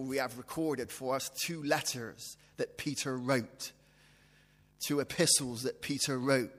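A man's voice: medium pitch, a bit bright. A man preaching a sermon, repeating phrases for emphasis and posing rhetorical questions. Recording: long hall reverb.

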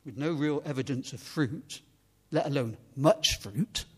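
A man's voice: medium pitch, unhurried, a bit bright, slightly rough. A man leading a casual, self-deprecating sermon, often trailing off and picking his thought back up. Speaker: preacher. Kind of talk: informal sermon.

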